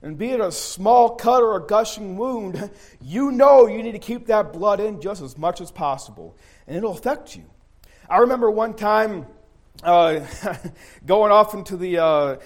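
High-voiced man preaching a folksy sermon. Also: moderate pace. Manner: folksy storytelling, repeats and restarts phrases. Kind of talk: sermon with personal army story.

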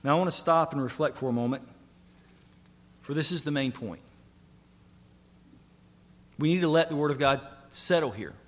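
A man's voice: a little high, moderate pace, long pauses. A man preaching a sermon to his congregation, earnest and emphatic, building through repeated phrases. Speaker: pastor. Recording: long hall reverb.

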